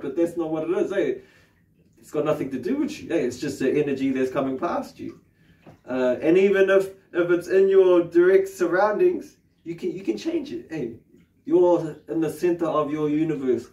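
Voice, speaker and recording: A man's voice: on the high side, moderate pace, a little mellow. Male NZ meditation teacher, rambling and profane, chuckles a lot, echoey room and distant mic. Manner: swearing, laughing often, rambling with many fillers. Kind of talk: casual spiritual talk. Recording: roomy sound from off the mic.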